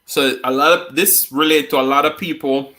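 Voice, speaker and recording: Bright-voiced man teaching slang. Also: on the high side, fairly even intonation, normal speed. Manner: playful, laughs often, reads viewer comments aloud. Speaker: host. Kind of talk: casual chat teaching slang.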